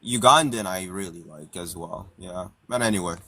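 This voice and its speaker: Rambling man with a low voice. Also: normal speed, vocal fry, breathy edge. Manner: rambling, animated, laughs often. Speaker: podcast host. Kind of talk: casual chat. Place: parked car outdoors.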